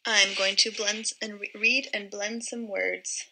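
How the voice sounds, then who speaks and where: A woman teaching a phonics lesson to young children, modelling each word sound slowly and clearly. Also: medium pitch, little pitch movement, bright, forceful tone, slight background noise, low-quality recording.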